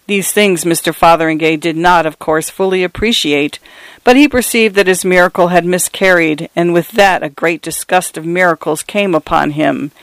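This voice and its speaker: A man narrating a story in a measured, deliberate manner. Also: on the high side, a bit bright, clean tone, no room sound.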